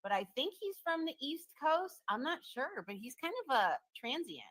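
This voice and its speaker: A woman's voice: high voice, very animated, moderate pace, a bit bright, dry recording. A woman in a casual livestream chat, giving snarky commentary in reaction.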